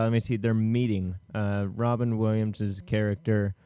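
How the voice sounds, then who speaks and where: A man's voice: on the low side, level tone, moderate pace, mellow, clear, resonant tone, no room sound, studio quality. A man co-hosting a casual film podcast, retelling the plot in a rambling way with many fillers. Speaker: podcast co-host.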